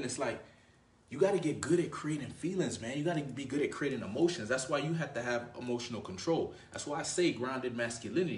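A man's voice: medium pitch, recorded from a distance. A man coaching viewers in a loose, conversational monologue, checking in with "right?" and calling the listener "bro". His voice sits back from the mic, and the room gives it a noticeable echo. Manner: conversational, frequent "right?" tag questions; slangy, addresses viewer as bro. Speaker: dating coach. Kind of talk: casual advice monologue. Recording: roomy, voice away from mic.

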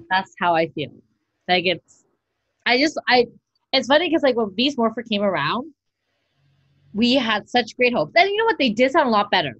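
A woman podcast co-host in casual chat, ranting in an exasperated, animated way. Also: a little high, unhurried, long pauses, no room sound, lo-fi sound.

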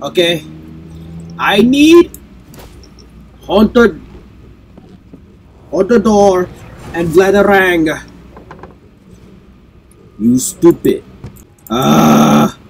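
A man with a fairly high voice talks slowly through his gameplay, keeping up a lively commentary for his viewers. He sneezes often and keeps apologizing for it. A faint hiss sits under the recording. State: sneezy, congested. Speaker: gameplay video host.

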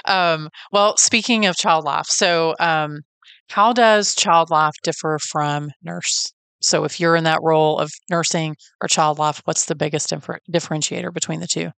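A woman's voice: low voice, steady tone, moderate pace, creaky, fairly bright tone, clear, resonant tone, no echo. A woman with a Texan accent hosting an interview, asking curious questions. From Texas. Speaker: podcast host. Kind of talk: casual interview talk.

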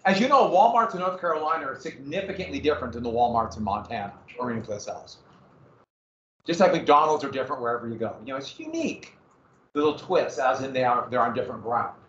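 Very animated and fast-talking, this man has a mid-range voice with a fairly bright tone. He presents slides casually and jokingly to a small group, chatting and straying into tangents, in a recording that is roomy, distant and a little dull.

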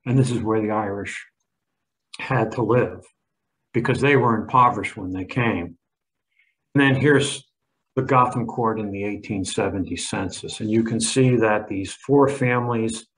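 A man's voice: mid-range voice, vocal fry, poor audio. A man in his seventies, a history professor, giving an emphatic lecture with slides and frequent restarts. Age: 70s.

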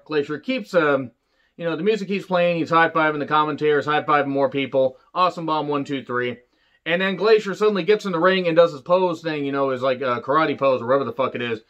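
A man giving a casual solo review of an old wrestling show. He talks bluntly and swears a lot, and he slips into quick mocking impressions of the people he describes. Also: on the high side, fairly bright tone, lo-fi sound.

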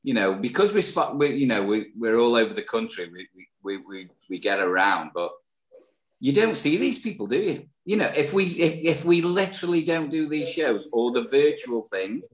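A man's voice: medium pitch, sing-song, moderate pace. A man co-hosting a podcast, chatting casually with rambling restarts and jokes. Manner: rambling, restarts words, joking. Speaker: podcast co-host.

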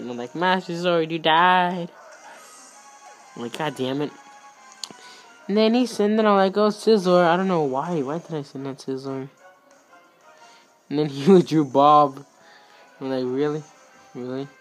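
A young man giving excitable, rambling commentary on a game he played, with sudden outbursts. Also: mid-range voice. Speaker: gaming YouTuber. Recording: faint music behind.

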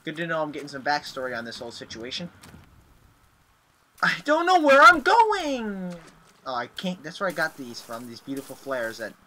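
A young man commentating as he plays a horror game, excitable, with sudden yelps and shouts. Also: mid-range voice, quick pace, hardly any pauses. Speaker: gaming video host. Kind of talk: let's play commentary.

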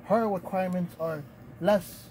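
A calm talking cat guide in a tabletop game, voiced by the man running it. The delivery is even and unhurried. There is a little background noise. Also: high voice.

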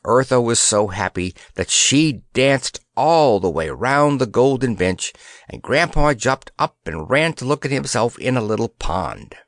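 A man's voice: mid-range voice, very animated, a little slow, no room sound, clean studio sound. A man reading a children's fantasy story aloud as an audiobook narrator, telling it expressively.

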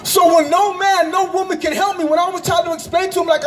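A man giving an impassioned religious testimony outdoors in a park, often breaking into shouts and repeating himself for emphasis. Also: very high voice, fairly even intonation, fast talker.

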